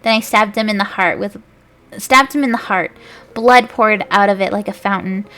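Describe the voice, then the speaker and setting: A woman's voice: medium pitch, moderate pace, fairly bright tone. A woman streamer reading fanfiction aloud, giggling and stumbling over the words.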